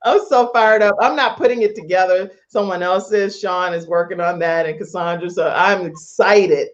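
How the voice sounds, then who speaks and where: A woman's voice: lowish voice, normal speed, slight background noise. Chatty talk show host woman, fifties. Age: 50s. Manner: chatty, enthusiastic, repeats herself. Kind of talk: casual interview chat. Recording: dull lo-fi online show audio.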